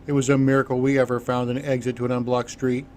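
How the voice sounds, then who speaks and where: A man's voice: mid-range voice, flat delivery, fast, darkish tone, slight background noise, lightly acted. A man voicing an earnest, talkative engineer who explains things at length. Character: grateful middle-aged male engineer, talkative.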